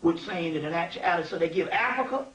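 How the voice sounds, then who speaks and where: A man giving an informal spiritual lecture, animated and digressive, often checking that listeners follow. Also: on the high side, quick pace. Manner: animated, digressive, keeps asking "you see what I'm saying". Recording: echoey room, distant mic, faint ambient noise.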